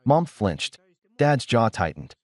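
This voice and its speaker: A man narrating a first-person story in a measured, dramatic storytelling manner. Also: mid-range voice, very animated, no room sound.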